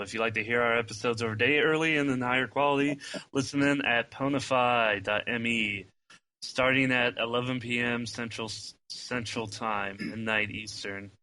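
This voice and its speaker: A man's voice: medium pitch, steady tone, normal speed, pushed and bright, clear, resonant tone. A man co-hosting a fan podcast in casual, rambling chat, full of swearing and restarts. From US Midwest. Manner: rambling, profane, laughs often. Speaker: primary podcast co-host.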